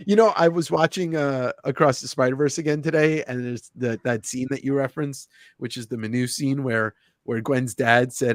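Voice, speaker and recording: A man's voice: medium pitch, steady tone, moderate pace, few pauses, no echo, clean studio sound. A man hosting a livestream giveaway, chatting casually in a rambling, jokey, self-mocking way. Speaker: livestream host. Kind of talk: casual chat.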